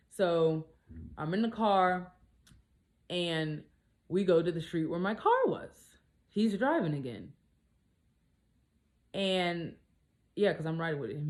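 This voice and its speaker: Blunt, animated woman telling a story. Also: deep voice. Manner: animated, blunt, swears freely. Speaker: single mom vlogger. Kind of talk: casual storytime.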